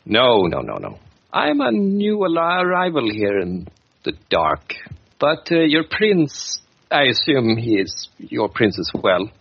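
Man voicing a quirky dwarf mystic, formal and wordy, husky voice, lively pitch, muffled lo-fi sound. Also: takes it slowly, full character voice. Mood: explaining. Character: odd, polite male dwarf mystic, well-travelled.

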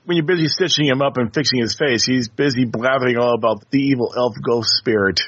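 Player, male, casual, husky, dry muffled recording. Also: mid-range voice, fairly quick, fairly bright tone, dry recording. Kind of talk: playing a tabletop game.

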